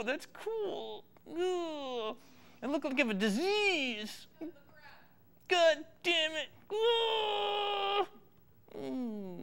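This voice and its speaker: A shrill, foul-mouthed woman director forever ranting at her crew, with a man doing the voice. The voice sits very high and cutting, leaping all over the place. Each curse is stretched out slowly. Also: pushed and bright, exaggerated voice. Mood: grumbling. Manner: cursing, ranting, shrieking. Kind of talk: comedic impression. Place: TV studio.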